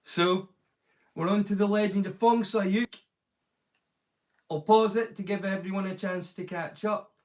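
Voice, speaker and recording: A man's voice: high-pitched, steady tone, a little slow, pauses often, a little mellow, low-quality recording. Rambling man, chatty streamer. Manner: rambling, loose, lots of "like" fillers and restarts. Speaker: streamer, host. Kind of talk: casual live-stream chat.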